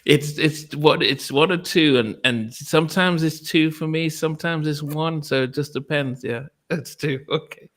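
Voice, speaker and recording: A man's voice: fairly high pitch, normal speed, few pauses, fairly bright tone. Laughing, chatty man on a podcast. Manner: laughs often, repeats himself. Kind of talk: casual podcast chat.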